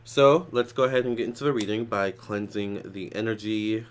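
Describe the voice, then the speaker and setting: A man with a slightly low voice gives a casual psychic tarot reading. He talks in a chatty, rambling way, circling back with fillers and restarts. Now and then he drops into a soft prayer. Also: fairly even intonation, moderate pace, clear, resonant tone. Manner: prays softly. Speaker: tarot reader.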